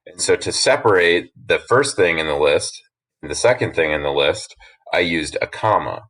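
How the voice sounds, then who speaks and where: A man teacher walking students through a worksheet in a relaxed, explanatory way with frequent fillers. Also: low-pitched, moderate pace. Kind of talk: recorded classroom lesson.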